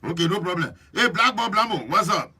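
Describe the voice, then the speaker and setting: A man with a Liberian English accent hosting a live stream, chatting lively and preachy while teasing viewers by name. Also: high voice, brisk, a little hiss or hum. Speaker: host.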